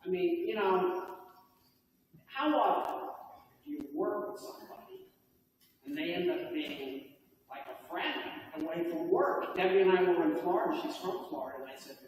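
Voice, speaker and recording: A man's voice: sits high, moderate pace, a little hiss or hum. An older man giving a heartfelt, folksy acceptance speech at a hall of fame ceremony, recorded from a distance in a banquet hall. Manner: heartfelt, folksy, animated delivery. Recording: distant mic in echoey hall.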